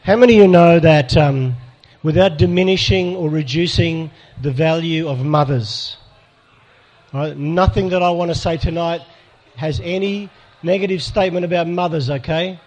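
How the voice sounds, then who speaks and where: A man's voice: a little high, moderate pace, darkish tone, lo-fi sound. A man leading a live church workshop, speaking directly to the crowd and asking people to raise their hands. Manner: pastoral and direct, asks audience for hands up. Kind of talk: live workshop talk to an audience.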